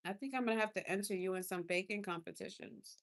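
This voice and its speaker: A woman's voice: mid-range voice, fast talker. A young woman doing a casual makeup livestream from her car, talking effusively with viewers and reacting to gifts. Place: inside a car.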